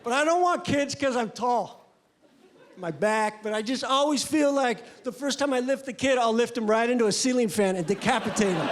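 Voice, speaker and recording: A male stand-up comedian doing a crude, deadpan, rambling set on a club stage into a handheld mic. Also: extremely high pitch, moderate pace. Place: comedy club stage before a live audience. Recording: live club with loud crowd noise.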